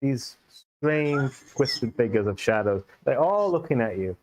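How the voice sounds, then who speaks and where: A man's voice: medium pitch, lively intonation, a little slow, darkish tone, a little hiss or hum, rough recording. A man with an Indian accent narrating as game master in a tabletop game, telling the scene loosely with many fillers. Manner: loose, filler-heavy storytelling.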